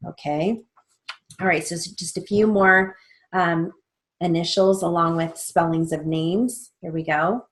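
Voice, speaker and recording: Lowish-voiced woman reading dictation real slow, spells names out letter by letter. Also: steady tone. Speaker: steno theory teacher.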